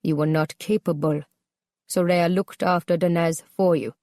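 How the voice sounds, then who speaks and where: A woman's voice: on the low side, steady tone, normal speed, warm tone, dry recording, studio quality, close to an everyday voice. A woman narrator voicing a cold, controlling husband who speaks in curt, menacing commands. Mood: cold, commanding.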